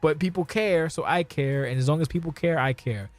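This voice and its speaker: A man's voice: fairly high pitch, a little fast, faint music behind. A middle-aged man hosting a podcast, talking bluntly and profanely in casual chat, ranting about how he works with people. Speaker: podcast host.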